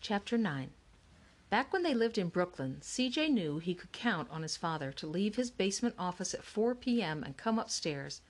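A woman's voice: lowish voice, sing-song, normal speed. Woman narrating a children's mystery. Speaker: audiobook narrator. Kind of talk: scripted narration.

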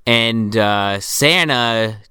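Bright, crisp-voiced male co-host. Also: medium pitch, extremely slow, no room sound, studio quality. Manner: laid-back, profane, recaps the plot. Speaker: podcast co-host. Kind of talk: casual movie-riffing chat.

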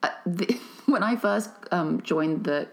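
A woman actress telling stories in casual chat, animated and sarcastic. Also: fairly low pitch, takes it slowly. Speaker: actress guest.

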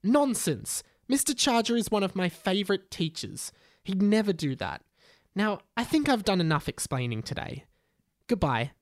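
An indignant schoolboy wizard, put on by a man with a slightly raised voice. He explains himself in a quick, huffy way. The recording is dry and close. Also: high-pitched, big pitch swings, dry recording.

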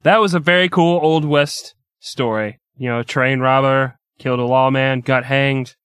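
A man's voice: medium pitch, steady tone, moderate pace, fairly bright tone, clear, resonant tone, no echo, clean studio sound. A man co-hosting a casual comedy podcast, joking and swearing as he talks. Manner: jokey, swears, bursts into silly old-timey gangster voices. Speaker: podcast co-host.

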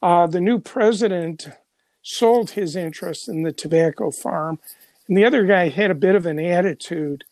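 A journalist guest from Chicago, an older man, tells stories conversationally in an interview, rambling with plenty of fillers and restarts. His high-sitting voice has a darkish tone and a moderate pace, captured in a dry recording.

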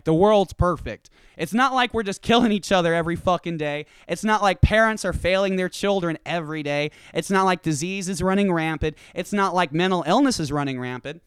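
A man from the Southern United States, a comedian and podcast host, ranting in a profane stand-up style that swings between loud outbursts and low asides. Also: smooth, no room sound, clean studio sound.

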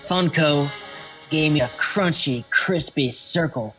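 A man's voice: slow, sharp tone. A man doing a Southern-drawling Joker. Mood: gleeful menace. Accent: Southern US (put on). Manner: mock-commercial pitch, gleefully menacing. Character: cackling Southern-drawling Joker, adult male villain. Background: faint music.

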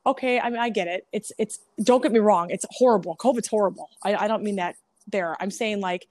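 A woman's voice: medium pitch, fairly quick, darkish tone. A woman who owns a salon, telling stories candidly and laughing often, frank and self-deprecating with casual swearing. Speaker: salon owner, guest. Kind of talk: candid storytelling.

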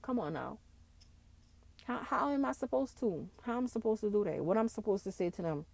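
Gravelly impassioned woman podcaster. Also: mid-range voice, animated, fairly quick, a little mellow. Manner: impassioned, ranting with repeated phrases and slang. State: tearful. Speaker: podcast host. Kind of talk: emotional solo podcast monologue.

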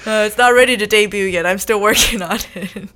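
A woman's voice: medium pitch, brisk, a bit bright. Chatty young woman guest, upbeat. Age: young adult. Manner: chatty, upbeat, peppered with "you know" and "like". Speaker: guest, competitive eater and food creator. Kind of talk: casual podcast interview.

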